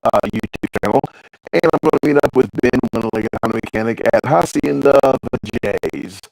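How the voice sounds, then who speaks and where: A man's voice: mid-range voice, moderate pace, gravelly, a little mellow, a little hiss or hum, rough recording. A man hosting a casual livestream, rambling and joking as he reads viewer comments aloud and answers them. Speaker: livestream host reading chat.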